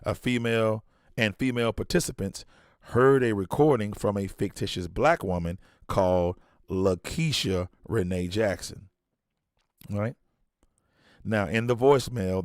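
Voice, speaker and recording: Low-voiced male podcast host reading aloud. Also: no echo, studio quality. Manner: reads haltingly, restarts, blunt colloquial asides. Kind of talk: reading a study aloud with commentary.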